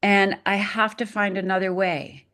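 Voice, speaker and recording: A woman's voice: mid-range voice, flat delivery, unhurried, a bit bright. A middle-aged woman from Upper Michigan, a podcast guest telling a personal story dramatically and acting out the voices in it.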